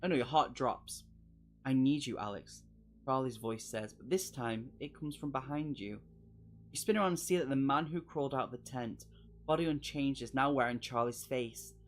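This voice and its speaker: A man's voice: medium pitch, moderate pace, soft background music. Chatty man reading a gamebook live. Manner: chatty, jokey, talks to chat between passages. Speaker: streamer host. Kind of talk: live playthrough of a solo horror gamebook, reading aloud and chatting.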